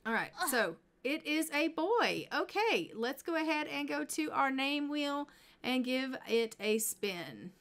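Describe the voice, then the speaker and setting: A woman's voice: sits high, big pitch swings, slow pace, a bit bright. A woman casually commenting on her life-sim gameplay, chatting to her characters as she plays. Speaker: gameplay streamer.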